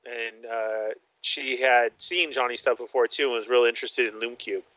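A man co-hosting a casual podcast, telling lively stories and laughing often. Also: medium pitch, normal speed. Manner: animated, laughing storyteller. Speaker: podcast co-host. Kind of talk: casual chat about toy collecting. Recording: dull lo-fi sound.

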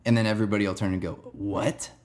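A man's voice: lowish voice, lively intonation, moderate pace, darkish tone. Laid-back young man rambling. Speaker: podcast host. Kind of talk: casual storytelling monologue.

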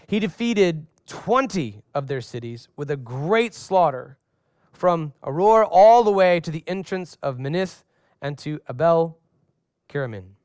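A pastor preaching a lively sermon, acting out voices for humor and asking the congregation to answer him. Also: male voice, a little high, dry recording. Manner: asks the congregation questions and has them respond.

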